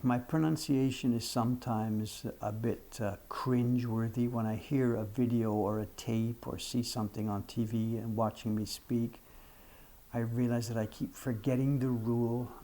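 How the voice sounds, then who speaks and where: Answering viewers' questions on his livestream, a man in his seventies speaks frankly and pokes fun at himself in a relaxed chat. His voice is medium-pitched and dark in tone.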